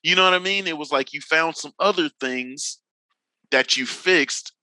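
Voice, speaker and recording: Swearing freely and acting out quotes, a forties-aged Northern California man, a drifting veteran, tells loose, slangy stories as a podcast guest in casual chat. His pitch is on the high side and his delivery pushed and bright at a moderate pace. The audio is dry and poor.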